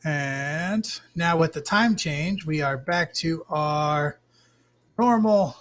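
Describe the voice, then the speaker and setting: A man's voice: on the high side, slow. Upbeat man hosting a stream. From Arizona, US. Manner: relaxed, greets chat viewers by name. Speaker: livestream host. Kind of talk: casual live stream chat. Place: home fish room.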